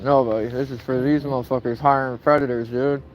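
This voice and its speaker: A man filming himself outdoors in a parking lot, mocking people and shouting slogans as he walks. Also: medium pitch, level tone, brisk, lo-fi sound, a little hiss or hum. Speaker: protester filming a vlog. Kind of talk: casual outdoor protest vlog.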